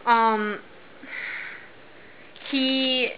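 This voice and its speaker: A woman's voice: a little high, fairly even intonation, very slow, noisy background. Chatty young woman vlogging. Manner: chatty and rambling, voices the people in her stories. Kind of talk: casual chat to camera. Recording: slightly dull lo-fi recording.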